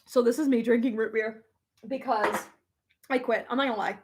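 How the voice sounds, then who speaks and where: A young adult woman chatting casually as a vlogger, reading comments aloud, emotional and quick to laugh, with many fillers. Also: fairly high pitch, fairly even intonation, noisy background. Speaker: vlogger reading live chat. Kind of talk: casual chat.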